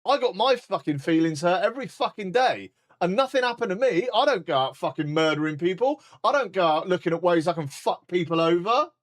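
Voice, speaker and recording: A man's voice: sits high, lively intonation, a little fast, few pauses. A man in his forties with a British accent, ranting bluntly and heatedly in a sweary live stream chat. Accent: British English. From United Kingdom. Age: 40s.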